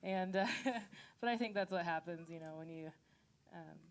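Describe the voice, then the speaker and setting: A woman's voice: fairly low pitch, normal speed. Chatty woman introducing a song on stage. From Nigerian family, raised in the United States. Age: 30s. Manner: chatty and self-deprecating, many fillers, laughs easily. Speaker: singer-songwriter performing live.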